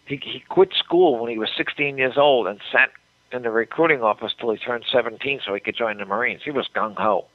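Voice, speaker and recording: A man's voice: mid-range voice, brisk, no echo. An older man telling a story with emphasis as a guest in a radio interview, often repeating words as he goes. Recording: dry tinny phone line.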